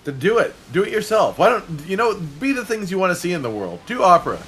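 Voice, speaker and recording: A man's voice: sits high, very animated, quick pace, a bit bright, a little hiss or hum. A man co-hosting a gaming video with dry wordplay, often stammering into restarts. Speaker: gaming channel co-host. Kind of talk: deadpan gameplay banter.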